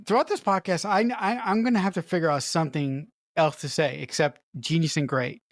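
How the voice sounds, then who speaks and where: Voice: mid-range voice, brisk, dry recording, clean studio sound. Enthusiastic co-host who gushes with praise. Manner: enthusiastic, emphatic praise with swearing and repeated restarts. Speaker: podcast co-host. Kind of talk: casual film review chat.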